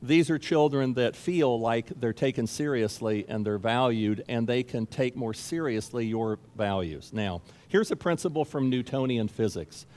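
A man's voice: medium pitch, normal speed, hardly any pauses, darkish tone. A man preaching a sermon as pastor, speaking emphatically and repeating key phrases for stress. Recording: long reverb of a large hall.

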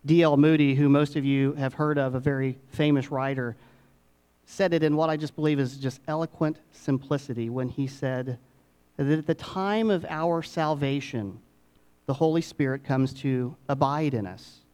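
A middle-aged man preaching a sermon, dropping to hushed asides and rising to emphatic peaks with dramatic pauses. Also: medium pitch, smooth. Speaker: pastor.

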